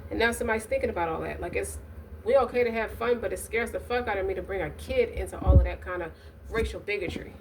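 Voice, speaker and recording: A woman's voice: medium pitch, fast talker. Woman tarot reader, blunt and foul-mouthed, rambling delivery; distant mic, noisy recording. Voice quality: blunt, profane, streetwise talk. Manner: rambling, frequent restarts and asides. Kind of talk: casual tarot reading.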